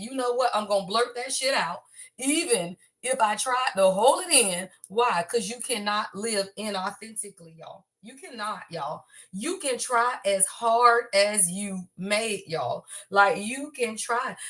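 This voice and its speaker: A woman's voice: fairly high pitch, fairly bright tone. Emphatic woman hosting a spiritual livestream. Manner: emphatic, peppers talk with "y'all" and "right?"; blunt and salty, with casual cursing. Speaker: spiritual reader and livestream host. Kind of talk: casual spiritual livestream talk.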